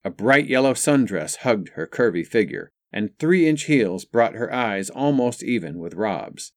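A man's voice: on the low side, sing-song, measured pace, dry recording. Male audiobook narrator, dry close sound.

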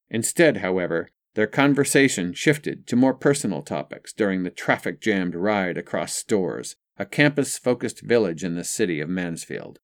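Man narrating a story, lowish voice, lively intonation. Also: normal speed, hardly any pauses, no echo, clean studio sound. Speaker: audiobook narrator. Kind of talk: scripted narration.

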